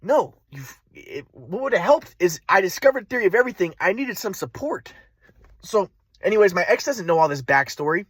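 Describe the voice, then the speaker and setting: A man's voice: high-pitched, big pitch swings, a little fast, fairly bright tone, slightly rough, dry recording. A man telling a personal story in a rambling, agitated, profane monologue. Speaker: vlogger.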